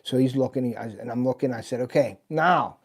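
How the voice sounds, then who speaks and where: A man's voice: medium pitch, brisk. A middle-aged man, hosting a live stream and telling a long hunting story in a casual, rambling way with many "and, uh" fillers. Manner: rambling, folksy, lots of "and, uh". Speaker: host of a hunting channel.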